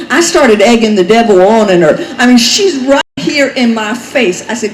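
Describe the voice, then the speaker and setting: A woman pastor telling a story in a sermon, animated and laughing often as she acts out quotes. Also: a little high, moderate pace, few pauses, reverberant, a little hiss or hum, poor audio.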